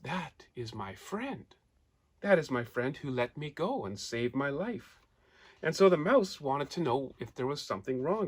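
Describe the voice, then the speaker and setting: A man reading a children's story aloud in an animated way, pointing out pictures and asking his listeners questions. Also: on the high side. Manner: points out pictures while telling.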